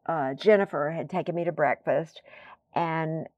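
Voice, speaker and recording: A woman's voice: low voice, measured pace, a little mellow, no room sound, lo-fi sound. A woman guest telling long, rambling stories in casual conversation, full of fillers and tangents. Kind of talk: conversational storytelling.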